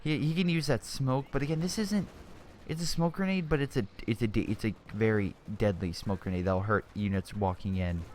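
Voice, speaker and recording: A man's voice: lowish voice, a little fast, darkish tone, slight background noise. A young man giving casual commentary over a strategy game replay, chatty and exclamatory, often restarting his sentences.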